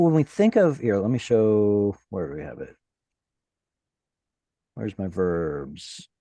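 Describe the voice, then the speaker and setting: A man's voice: medium pitch, warm tone, no echo. A man teaching a Hebrew class online, walking students through words and patiently asking them questions.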